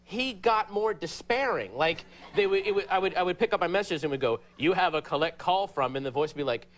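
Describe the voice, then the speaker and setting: High, animated comic man. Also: fast talker. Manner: animated, jumps into high shouted impressions. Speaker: comedian guest. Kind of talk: talk show comedy storytelling.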